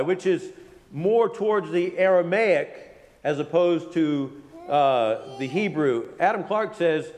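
A man teaching verse by verse from the Bible. He reads King James passages aloud, then explains them plainly, with unhurried pauses and "uh" fillers. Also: fairly high pitch, darkish tone, big-room sound.

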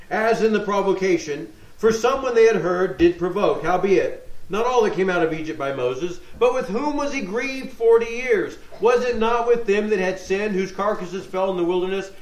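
A man's voice: high-pitched, animated, moderate pace. A man preaching a sermon, teaching verse by verse, reading scripture aloud and checking in with his listeners. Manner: teaching tone, reads scripture aloud, asks rhetorical questions, checks in with "okay?". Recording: echoey room.

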